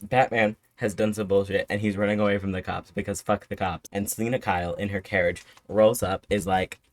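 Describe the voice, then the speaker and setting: A man giving a casual movie review in an excitable, rambling manner, swearing often. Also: on the low side, brisk. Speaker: host.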